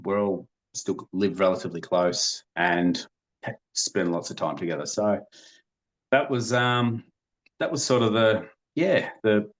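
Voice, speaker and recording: A man, speaking as a podcast guest in a low voice. He tells family stories at an easy, rambling pace. He restarts his sentences often and laughs lightly between them. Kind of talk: casual storytelling.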